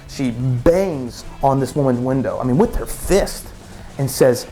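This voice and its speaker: Casual storyteller, rambling, stumbling over words, music faint behind. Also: male voice, medium pitch, a little slow, mellow. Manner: rambling, many restarts and repeated words.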